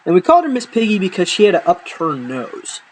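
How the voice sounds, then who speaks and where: Over a rough recording with slight background noise, a fast-talking young man with a high-sitting voice recounts comic moments from his life. He curses heavily, blows things out of proportion, and keeps a deadpan face on his punchlines.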